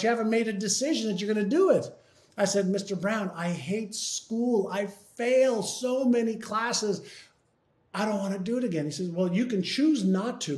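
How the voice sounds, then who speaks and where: A man's voice: high-pitched, roomy sound. A man from Canada telling a personal story in an interview, acting out both sides of a remembered conversation. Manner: animated retelling, acting out both sides of the dialogue. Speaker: interview guest.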